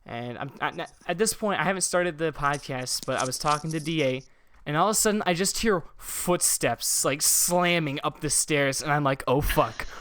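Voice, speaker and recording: A man's voice: a little high, moderate pace, few pauses, fairly bright tone, clean tone, dry recording. A young adult man hosting a casual podcast from a room above his garage, rambling through a story with a lot of swearing. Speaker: podcast host.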